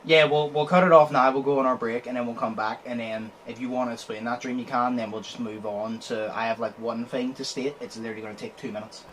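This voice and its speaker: A man's voice: medium pitch, steady tone, quick pace, hardly any pauses, a bit bright, a little hiss or hum, poor audio. A man hosting a casual podcast, rambling through stories and swearing often. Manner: rambling, swears a lot, acts out quotes. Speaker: podcast host.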